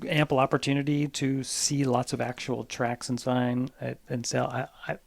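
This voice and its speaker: A man from New Jersey talks as a podcast guest, eager and rambling, often restarting his sentences as he tells stories. His voice has a gravelly, creaky edge. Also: medium pitch, level tone, moderate pace. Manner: rambling, enthusiastic storytelling with many restarts. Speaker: guest, nature mentor and bird language teacher. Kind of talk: casual conversation.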